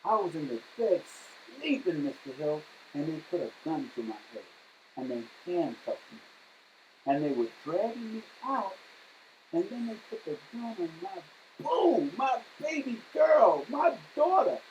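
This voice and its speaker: A man's voice: high voice, big pitch swings, a little slow, a little mellow, lo-fi sound, slight background noise. A man retelling a defiant, streetwise young man. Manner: blunt, hard, streetwise. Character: defiant young man, scarred and unafraid of police.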